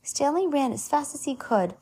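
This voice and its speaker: A woman's voice: high voice, expressive, moderate pace. A woman reading a storybook aloud to her child, stopping to explain the story in her own words. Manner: gentle, explains the story as she reads.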